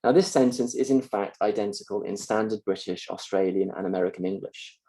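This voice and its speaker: A man's voice: lowish voice, fairly quick, mellow, low-quality recording. A man giving an explanatory university mock lecture in a conversational way, with fillers and restarts.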